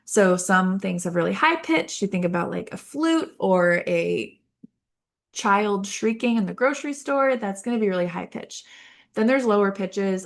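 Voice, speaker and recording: Young woman, podcast host explaining therapy, chatty with lots of fillers, vocal fry. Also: mid-range voice. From Baltimore. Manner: chatty, many fillers and tangents. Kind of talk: casual educational talk.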